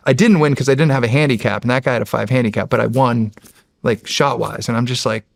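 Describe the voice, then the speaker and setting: A man's voice: mid-range voice, fairly quick, gravelly, dry recording. An American man in his forties, a show guest, telling stories casually and animatedly, acting out dialogue and laughing often. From United States. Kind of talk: casual storytelling.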